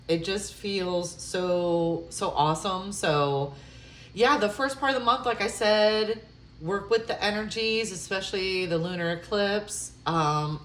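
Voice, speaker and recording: Slow, gushing woman reading tarot. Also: lowish voice, a bit bright, reverberant, slight background noise. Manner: effusive, gushing exclamations; intuitive, musing with hesitant fillers. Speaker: tarot reader. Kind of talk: tarot love reading to camera.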